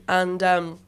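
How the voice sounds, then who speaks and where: Chatty Northern Irish woman, low voice. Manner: chatty storyteller, lots of fillers and laughter. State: coughing with a chest infection. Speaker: podcast co-host. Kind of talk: casual chat.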